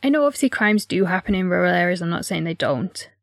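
A woman's voice: lowish voice, expressive, fast talker, creaky, no room sound, clean studio sound. A woman from England co-hosting a true-crime podcast, musing casually with many filler words. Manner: reflective, lots of 'like' fillers. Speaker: podcast co-host.

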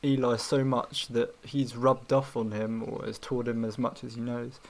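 Male co-host of medium pitch, easygoing and hedging in a book chat. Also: normal speed, creaky. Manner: relaxed, hedging with "sort of". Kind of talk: casual book discussion.

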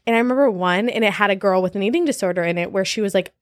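A woman's voice: medium pitch, very fast, dry recording. Candid young woman, dry sound. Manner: candid, laughing often, many fillers. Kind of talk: casual chat.

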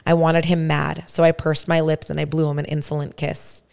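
A woman hosting a podcast reads a first-person story aloud at a measured pace. Her voice is low, with a gravelly fry running through it. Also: flat delivery, a little mellow. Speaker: podcast host. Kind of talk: story reading.

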